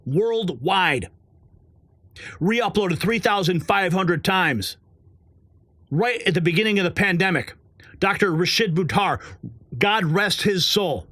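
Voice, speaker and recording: A man hosts a live online news show in a fired-up, indignant rant. His voice sits on the higher side and he leans into sarcasm and hard emphasis. The sound is dry, with no room echo. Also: expressive, unhurried, fairly bright tone.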